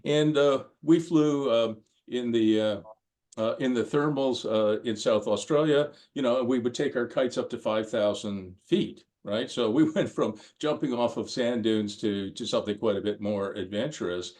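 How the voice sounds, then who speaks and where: A man's voice: medium pitch, moderate pace, a little mellow. An older man giving a course lecture in a conversational, anecdotal way, with frequent ums and restarts as he tells stories.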